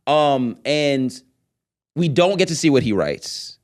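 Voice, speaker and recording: A man co-hosting a podcast, chatting casually and excitedly, swearing and acting out quotes from a film. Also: medium pitch, slow. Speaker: podcast co-host. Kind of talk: casual chat.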